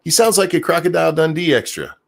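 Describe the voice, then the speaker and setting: A man's voice: fairly high pitch, expressive, fast talker, vocal fry. A man hosting a casual livestream talk show, reading chat aloud and rambling with offhand swearing. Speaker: podcast host.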